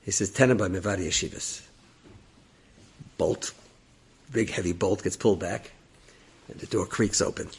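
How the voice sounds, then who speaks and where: A rabbi telling a story dramatically, acting out the characters. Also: male voice, sits low, steady tone, moderate pace, gravelly, long pauses, a little mellow, husky. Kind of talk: animated storytelling.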